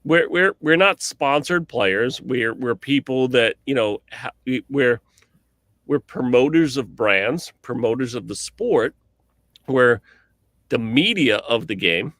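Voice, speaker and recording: Chatty man telling animated stories. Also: medium pitch, takes it slowly, no echo, clean studio sound. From New England, US. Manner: animated storyteller with frequent fillers and restarts. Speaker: cornhole podcast co-host and commentator. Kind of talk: casual podcast chat.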